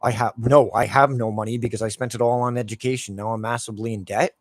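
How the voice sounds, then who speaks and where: A man's voice: medium pitch, steady tone, fast talker, no echo. A man in his forties, a gaming YouTuber, ranting casually and swearing constantly while he plays. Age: 40s.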